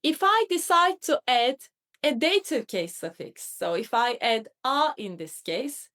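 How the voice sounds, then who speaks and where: Slow, lively-voiced woman teaching. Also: on the high side. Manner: clear, careful, spells out sounds and examples. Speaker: Turkish teacher. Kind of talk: scripted grammar lesson.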